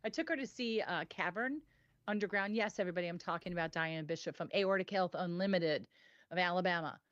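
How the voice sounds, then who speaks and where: Woman, show co-host, animated and laughing, muffled dry sound. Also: fairly low pitch, brisk, dry recording. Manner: animated storyteller, laughs often, does excited impressions. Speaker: co-host of a weekly web show. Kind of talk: casual chat.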